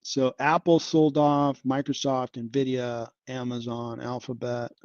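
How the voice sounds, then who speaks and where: A man's voice: medium pitch, little pitch movement, slow, a little mellow, no room sound, dull audio. A man hosting a casual investing livestream, chatting about stocks and sighing and exclaiming over a falling market. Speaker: investing channel host.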